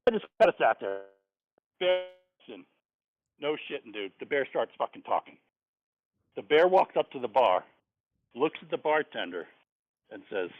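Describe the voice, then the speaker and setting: A man's voice: medium pitch, very animated, moderate pace, pauses often, lo-fi sound. A man calling in from outdoors on a phone, chatting casually and telling a long rambling joke. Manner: rambling storyteller. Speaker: caller.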